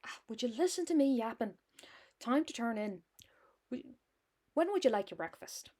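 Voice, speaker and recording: A woman's voice: fairly high pitch, expressive, normal speed, warm tone. A woman voicing a talkative, motherly middle-aged landlady in a hammy Irish accent. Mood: homely.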